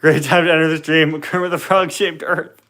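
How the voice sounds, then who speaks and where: A man's voice: on the high side, level tone, moderate pace, fairly bright tone. Young man, livestream host, casual joking chat, stumbles over words, phone mic. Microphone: phone on a tripod.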